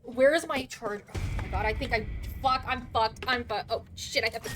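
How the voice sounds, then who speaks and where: A woman's voice: on the high side, brisk, fairly bright tone, slight background noise. A woman streaming a game, chatting casually, flustered and swearing as she talks. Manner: swearing, flustered, laughing often.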